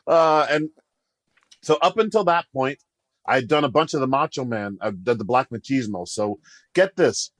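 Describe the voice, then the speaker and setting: A man's voice: medium pitch, expressive, normal speed, fairly bright tone, dry recording. Guy on a podcast telling a funny story, acts out the quotes, laughs a lot, dry close mic. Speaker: podcast guest. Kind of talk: casual storytelling.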